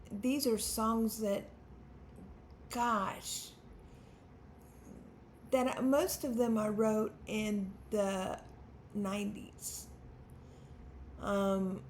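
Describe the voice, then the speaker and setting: A woman's voice: medium pitch, darkish tone, a little hiss or hum. A woman in her fifties, a songwriter hosting her own channel, talking unscripted to the camera in a nervous, stammering, self-deprecating way. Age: 50s.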